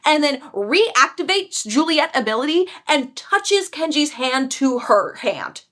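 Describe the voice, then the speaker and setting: A young woman casually retelling a book series, animated and chatty, jumping into quick voices for the characters. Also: high-pitched. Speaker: book reviewer.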